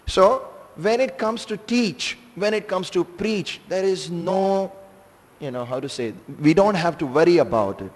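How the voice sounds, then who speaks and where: A man giving a scripture class to a seated audience in a temple hall, telling stories in an animated, emphatic way with some hesitant fillers. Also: sits high, a little slow. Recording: long reverb of a large hall.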